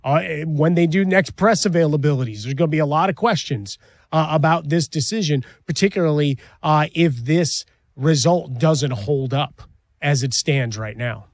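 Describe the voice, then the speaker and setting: A man's voice: a little high, moderate pace, no room sound. A man co-hosting sports talk radio, rambling through his points with many fillers.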